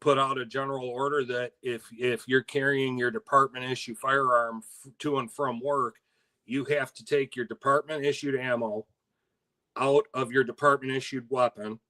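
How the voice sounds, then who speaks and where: Bright-voiced older man chatting. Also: medium pitch, fairly even intonation, normal speed. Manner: easygoing, laughs often, trails off with fillers. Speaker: co-host. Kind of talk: casual chat.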